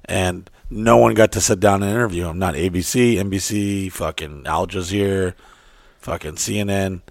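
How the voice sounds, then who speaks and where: A man co-hosting a casual chat, telling profane stories with lively voiced impressions. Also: deep voice, moderate pace, creaky, no echo, studio quality. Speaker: podcast co-host.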